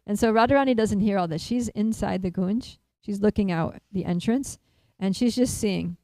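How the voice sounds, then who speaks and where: A woman telling a devotional story in an animated way, laughing often and using many fillers. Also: mid-range voice, normal speed, dry recording, rough recording. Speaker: storyteller at a temple.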